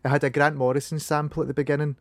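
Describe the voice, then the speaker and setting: A Scottish man in his thirties hosting a casual conversation, talking in halting phrases with many restarts. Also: a little high, level tone, dry recording. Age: 30s.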